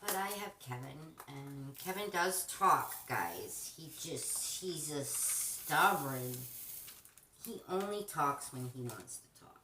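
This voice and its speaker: A woman with a low voice chats casually as a craft host, rambling and often restarting her sentences. She sits some way from the mic in a roomy space. A faint hiss runs underneath. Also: lively intonation, takes it slowly, recorded from a distance. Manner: chatty and rambling, with frequent restarts. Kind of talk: casual chat while crafting.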